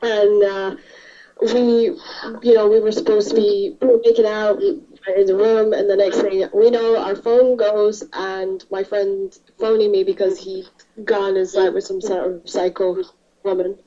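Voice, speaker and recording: A woman in casual podcast chat with a warm, dark tone, hesitating and restarting her sentences as she tells stories. She sits back from the microphone, and the audio is dull and lo-fi. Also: mid-range voice, flat delivery, measured pace, recorded from a distance. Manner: hesitant, many restarts and fillers. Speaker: podcast co-host.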